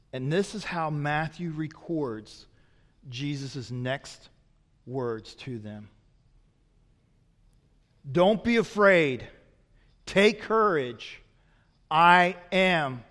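A man preaching a sermon as a pastor, swinging from loud emphatic peaks to quiet, low asides. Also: long reverb tail.

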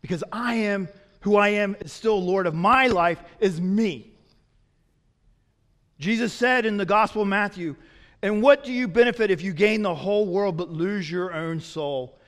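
A man preaching a sermon as a pastor, swinging from loud emphatic peaks to quiet, low asides. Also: unhurried, in a large hall.

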